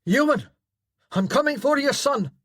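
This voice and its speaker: A woman voicing a furious male Highland laird who shouts and roars as he hunts for his son in an audiobook. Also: animated, unhurried, dry recording, clean studio sound. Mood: roaring. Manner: roaring, shouting.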